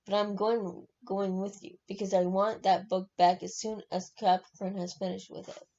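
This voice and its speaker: Weary, defiant storybook father, read by a woman, gravelly and dark-toned. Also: medium pitch, level tone, normal speed, lo-fi sound, close to an everyday voice.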